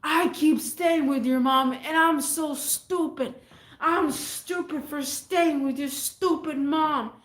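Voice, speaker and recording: A woman's voice: sits high, slow pace, reverberant, pitched above the performer's own voice. A woman impersonating a drunk ranting man. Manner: shouting, rambling, pleading. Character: drunk furious man ranting at his family.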